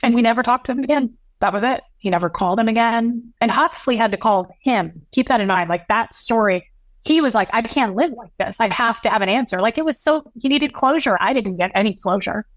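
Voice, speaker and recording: Her voice a little high and the recording dry, a woman in her thirties guesting on a podcast shares a heartfelt personal story. She's earnest but halting, with many restarts and quoted lines of dialogue.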